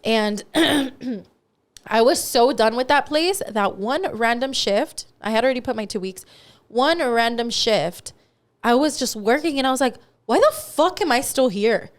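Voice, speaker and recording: Smooth-voiced woman telling a story. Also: fairly high pitch, measured pace. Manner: profane, animated storytelling with acted-out quotes. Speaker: podcast co-host. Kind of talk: casual storytelling chat.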